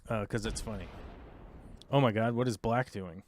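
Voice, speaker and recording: A man with a low-ish, darkish voice hosts a live stream, speaking at a moderate pace over slight background noise. He gives casual play-by-play of his moves in a strategy game, thinking aloud with wry, sarcastic asides and explaining the controls to viewers.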